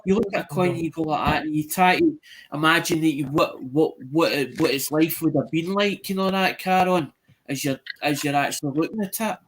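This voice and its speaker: A man's voice: on the high side, brisk, a little hiss or hum. A man chatting eagerly on a live stream, speaking with enthusiasm and addressing others by name. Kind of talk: casual chat.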